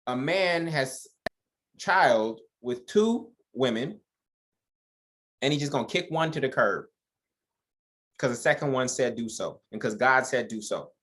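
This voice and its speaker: A man's voice: mid-range voice, a bit bright. A man leading an informal Bible study who reads verses aloud and comments on them in a joking, conversational way, addressing listeners as y'all.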